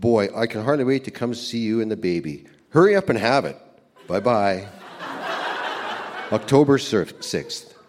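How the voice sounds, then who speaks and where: A man's voice: lowish voice, very animated, normal speed, pauses often, a little mellow, a little hiss or hum. A young man talking as if recording letters to his wife, joking and laughing often. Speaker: letter writer. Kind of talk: reading old tape letters aloud.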